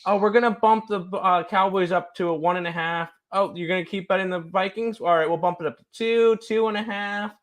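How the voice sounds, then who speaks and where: A man's voice: high-pitched, fairly even intonation, a little fast, hardly any pauses. A man co-hosting a sports betting chat, playfully teasing bettors about moving lines.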